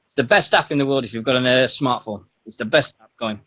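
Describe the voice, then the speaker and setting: A man's voice: medium pitch, quick pace, slightly rough. A man hosting a wrestling radio show, rambling and laughing as he tells stories. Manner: chatty, rambling, laughs often, animated storytelling. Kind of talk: casual radio chat. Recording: dull lo-fi internet radio audio.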